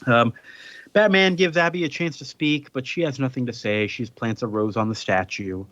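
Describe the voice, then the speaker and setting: A man's voice: mid-range voice, normal speed, a bit bright, dry recording, highs cut off. A man co-hosting a podcast, retelling a comic issue in a loose, rambling way with playful paraphrased quotes. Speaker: podcast co-host. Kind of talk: casual comic recap chat.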